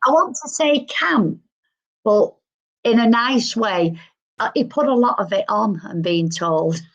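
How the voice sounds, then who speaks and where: A woman's voice: medium pitch, lively intonation, unhurried, dull audio. A woman working as a medium, relaying spirit messages live and acting out what she is told. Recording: livestream.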